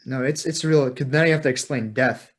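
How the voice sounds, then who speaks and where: A man hosting a podcast in casual conversation, agreeable and quick to affirm, blunt in his opinions. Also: mid-range voice. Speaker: podcast host.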